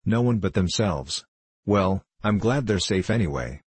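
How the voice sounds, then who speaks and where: A man's voice: deep voice, lively intonation, measured pace, breathy edge, dry recording, full character voice. A male narrator voicing a blunt ship's officer in an audiobook. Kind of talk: audiobook character voice.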